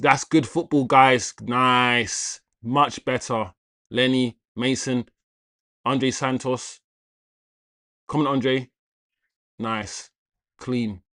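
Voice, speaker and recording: Excitable man hosting a watchalong. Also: mid-range voice, dry recording, clean studio sound. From Jamaican heritage. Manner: excitable, shouts out viewers, reacts to play. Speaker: football watchalong host. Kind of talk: live match commentary and chat.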